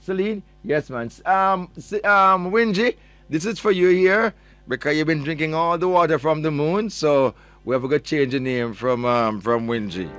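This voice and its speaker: Speaking at a normal pace in a high-leaning, fairly bright voice, a man with a Jamaican accent runs a morning radio show. He playfully teases listeners, reads out their messages and mixes patois with English.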